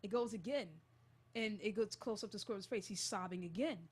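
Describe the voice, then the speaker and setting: A young woman hosting a college radio show retells a creepy story in a casual, animated, jittery manner. Her voice is mid-range and brisk, with a breathy edge.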